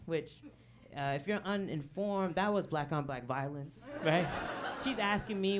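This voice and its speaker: A woman's voice: lowish voice, expressive, moderate pace, a little hiss or hum. A comedian doing a stand-up set in a comedy club, chatting with the crowd and tossing in "okay?" and "right?" asides, often laughing at her own jokes. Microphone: handheld stage mic. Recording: club audience laughing in background. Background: audience laughter.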